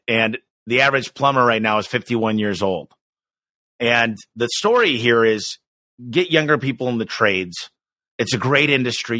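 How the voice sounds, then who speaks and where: Guesting on a podcast interview, this man from the United States, who owns a business, tells animated stories full of enthusiasm and energy. His voice is medium in pitch and the recording is dry.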